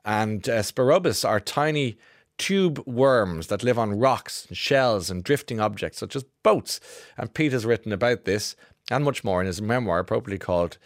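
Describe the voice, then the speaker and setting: A man's voice: lowish voice, animated, normal speed, dry recording. A man hosting a radio show, chatting wryly and reading out listener texts in a studio. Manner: chatty, wry. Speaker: radio host.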